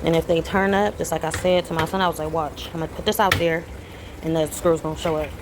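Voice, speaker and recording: A young adult woman, chatting casually to camera at home as a vlogger and telling stories in a lively way. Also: low voice, fast talker, noisy background. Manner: chatty storytelling, animated when retelling. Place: home, indoors.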